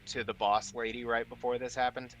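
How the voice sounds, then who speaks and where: A man's voice: medium pitch, flat delivery, brisk, a bit bright, soft background music. A man playing a tabletop game, joking and swearing casually with the group. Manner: joking, swears and laughs often. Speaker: player.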